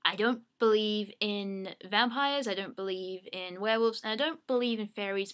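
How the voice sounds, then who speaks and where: Speaking into her webcam mic at home, a young Australian woman casually answers fan questions. Her medium-pitched voice is a bit bright, and she's chatty and pokes fun at herself.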